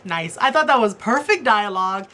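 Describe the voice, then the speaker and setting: Bright, excitable young woman reviewing TV. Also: fairly high pitch, moderate pace. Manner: excitable, gushing, many fillers like "um" and "like". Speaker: TV episode reviewer. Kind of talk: casual chatty TV review.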